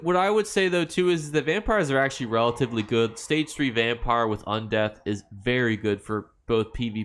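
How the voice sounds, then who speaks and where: A young American man hosting a casual game livestream, reading viewer comments aloud and rambling through loose, filler-heavy answers with easy laughs. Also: medium pitch. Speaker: livestream host.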